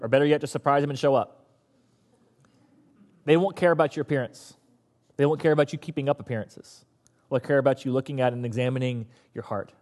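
A man preaching a sermon as pastor, an animated storyteller who acts out the characters. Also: medium pitch, in a large hall.

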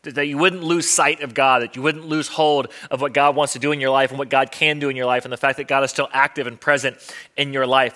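A man's voice: mid-range voice, level tone, fast, bright, forceful tone. A man preaching a sermon as pastor in a conversational, earnest way with wry humor.

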